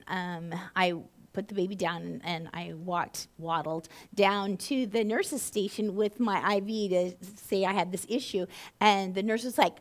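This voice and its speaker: A woman in her fifties telling personal stories as a marriage speaker, animated and jumping high on punchlines. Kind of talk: storytelling talk to an audience.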